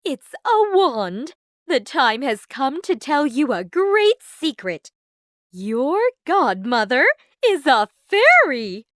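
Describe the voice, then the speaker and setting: A woman voicing a cheerful, scatterbrained fairy godmother with an airy, unhurried manner. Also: high-pitched, sing-song, fairly bright tone, dry recording, clean studio sound, full character voice. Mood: breezy. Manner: airy, breezy, slightly slower.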